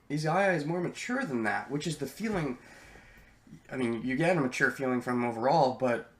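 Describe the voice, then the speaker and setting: A man's voice: medium pitch, a bit bright. A man talking casually about an anime dub, candid and rambling, with lots of ums and the odd swear. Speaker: anime reaction youtuber. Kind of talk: casual spoken commentary. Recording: roomy echo.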